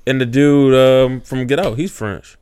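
Male podcast co-host, smooth voice, quick comic jabs, dry mic. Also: mid-range voice, steady tone, a little mellow, no room sound. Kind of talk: casual podcast banter.

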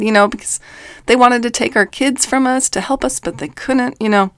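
A woman's voice: fairly high pitch, fairly even intonation, brisk, dry recording. A middle-aged woman coach giving an earnest, emphatic faith-based reflective talk. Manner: earnest, emphatic, with quoted voices. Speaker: life coach.

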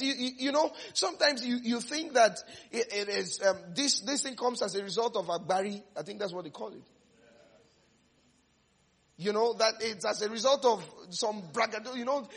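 A middle-aged man preaching a sermon in an animated way, often repeating words and laughing between phrases. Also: high-pitched, breathy edge.

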